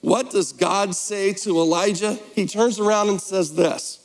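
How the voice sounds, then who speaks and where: A man's voice: sits high, fairly even intonation, unhurried, creaky, big-room sound, slight background noise, poor audio. A man preaching a sermon as pastor, in a conversational, playful way, slipping into mock voices. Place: church sanctuary.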